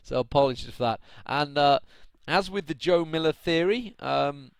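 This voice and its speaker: A man's voice: on the high side, moderate pace, creaky, clean tone, no room sound. A man from the UK, casting a match alone on a live stream, chatty, often laughing and ranting at his chat. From United Kingdom. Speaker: esports caster. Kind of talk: solo live stream commentary.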